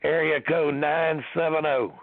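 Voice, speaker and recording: Hoarse guy with a gravelly voice hosting a call-in show, lots of ums, tinny phone sound, dry. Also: a little high, steady tone, measured pace, dry recording. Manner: rambling, many ums and restarts. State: hoarse from a sinus infection. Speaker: podcast host. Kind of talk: casual call-in show chat. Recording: tinny phone-line audio.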